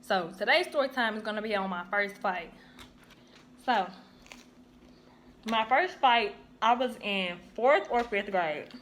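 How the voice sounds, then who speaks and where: Young woman, casual storyteller, lively delivery, faint background noise. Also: medium pitch, measured pace, long pauses. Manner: chatty, animated, acts out quoted voices. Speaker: YouTuber. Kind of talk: casual storytelling while eating.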